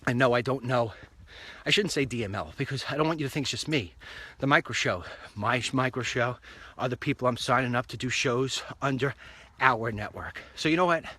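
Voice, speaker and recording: Walking down a street outdoors, a man chats in an upbeat, rambling monologue for his own online show. His voice is mid-range with a sharp tone, and he talks a little fast.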